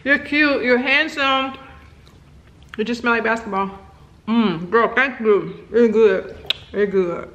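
A woman's voice: medium pitch, a bit bright, highs cut off. A woman filming a casual home vlog, chatting playfully with her kids and dog. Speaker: vlogger. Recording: echoey room with faint noise.

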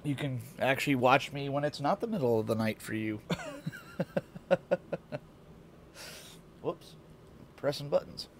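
A man's voice: mid-range voice, brisk, hardly any pauses, a little hiss or hum. Sleepy-voiced male streamer, morning voice. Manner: rambling, chuckling, loose. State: sleepy morning voice, congested sinuses. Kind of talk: casual game-stream chat. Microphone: desk mic.

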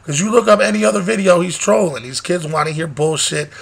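A man's voice: sits high, brisk, vocal fry, husky. A young man vlogging casually, rambling and joking with heavy profanity. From Michigan, USA. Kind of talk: casual vlog rant.

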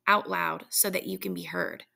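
A grave old soldier warns with slow, stubborn solemnity, as a woman reads him aloud. The voice is heavily gravelly yet bright and forceful. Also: lowish voice, steady tone, full character voice.

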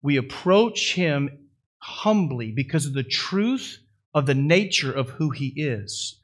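A male pastor preaching a sermon with folksy asides, building to loud, high-pitched swells at the climaxes. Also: animated, takes it slowly, husky.

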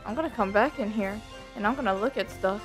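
A woman's voice: mid-range voice, quick pace. A young woman streaming a game, joking and teasing the characters in casual commentary. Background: game music.

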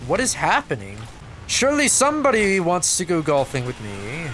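A man giving jokey, playful let's-play commentary over his own gameplay, breaking into excited yelps. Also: on the high side, a little fast, faint music behind.

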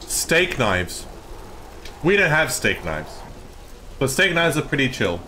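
A man with an Australian accent, live-streaming and excitedly arguing with his chat, swearing often. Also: medium pitch, slow pace, a little hiss or hum.

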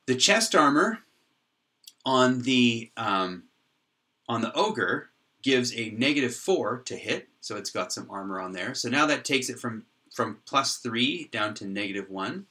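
A man giving a whiteboard tutorial on how his software works, thinking aloud with frequent restarts and pauses. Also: mid-range voice, lively intonation. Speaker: software developer explaining his code. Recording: voice from a distance off the mic.

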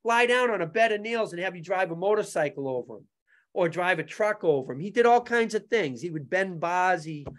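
A man as a podcast guest, telling animated stories in casual talk, laughing often and acting out other people's lines. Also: high-pitched, brisk. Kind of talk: casual storytelling.

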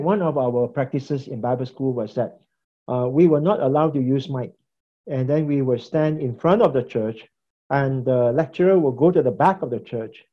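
A man giving a conversational classroom lecture on preaching, repeating phrases and asking the class questions. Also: medium pitch. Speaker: preaching instructor. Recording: slightly dull lo-fi recording.

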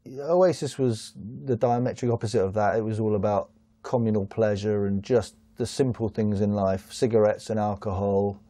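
A man's voice: on the low side, steady tone, normal speed, warm tone, no room sound. A man giving wry, ironic commentary in an interview.

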